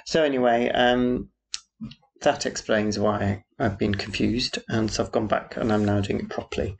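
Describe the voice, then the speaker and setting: A middle-aged man chats on his solo podcast, wandering from one thing to the next with self-deprecating asides. His voice sits low. It has a gravelly, creaky edge. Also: a little hiss or hum. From Yorkshire, England. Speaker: podcast host. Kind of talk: casual solo podcast chat.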